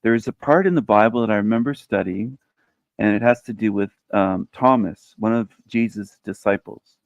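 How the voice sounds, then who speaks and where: A man's voice: on the low side, normal speed, gravelly, dry recording, highs cut off. A man joining a faith conversation as a guest, speaking in a heartfelt, affirming way and retelling a story.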